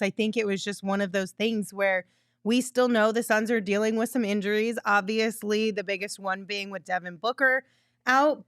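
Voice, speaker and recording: A woman's voice: medium pitch, fairly bright tone, no echo, clean studio sound. A woman hosting a sports podcast, reading an upbeat scripted intro and then chatting through the game. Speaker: podcast host.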